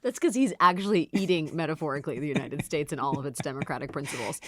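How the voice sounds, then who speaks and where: A woman hosts a political podcast in a casual chat. Her voice sits a bit low and sounds dry and close to the mic. She is sarcastic and animated, and she swears freely. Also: quick pace, dry recording. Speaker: podcast host.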